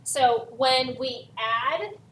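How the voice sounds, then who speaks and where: A woman chemistry teacher with a slightly high voice explains a worksheet step by step, leaning hard on the words she wants remembered. She sounds set back from the mic in a reverberant room, with a faint hiss underneath. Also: expressive, very slow, a bit bright, recorded from a distance. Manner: stresses key words, repeats for emphasis. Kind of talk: recorded lesson walking through worksheet.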